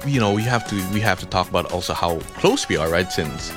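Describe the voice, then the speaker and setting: A man's voice: low-pitched, lively intonation, fast, music in the background. A young man hosting a radio show, bantering casually, laughing often and repeating his words. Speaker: radio host. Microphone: studio microphone.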